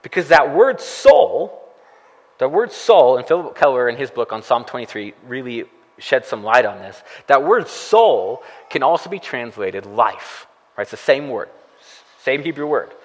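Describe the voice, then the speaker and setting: A man's voice: mid-range voice, sing-song, unhurried, in a large hall, rough recording. A man preaching a sermon as a pastor, talking conversationally and asking the listeners frequent rhetorical questions.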